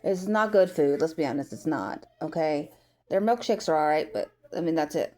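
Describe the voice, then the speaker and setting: A woman's voice: sits low, animated, moderate pace, a little mellow. A woman from the United States giving a rambling, opinionated commentary in a casual vlog, full of filler words. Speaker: vlogger.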